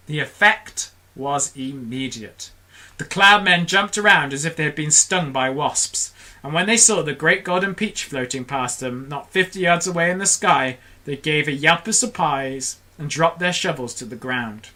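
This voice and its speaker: A storyteller reading a children's book aloud on a livestream, expressive and doing the characters' voices. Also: medium pitch, normal speed. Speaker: storybook reader for a charity stream.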